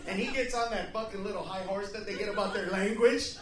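A man with a very high voice performs stand-up, shouting out profane stories and acting out the people in them. He is heard from some distance in an echoey club room. Loud audience laughter and noise fill the background. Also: fast, a crowd in the background. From Los Angeles area. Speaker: stand-up comedian. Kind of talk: stand-up comedy routine. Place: comedy club stage.

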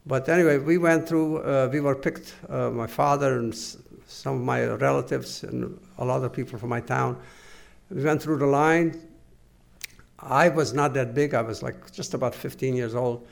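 An older man giving oral history testimony to an interviewer, halting and earnest, with many pauses and restarts. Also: medium pitch, steady tone, gravelly. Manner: measured, earnest recounting.

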